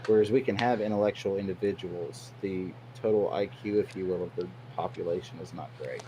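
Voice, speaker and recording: A man's voice: low voice, a little fast, dark tone, a little hiss or hum, low-quality recording. A man talking as a stream guest, in long-winded, earnest casual chat.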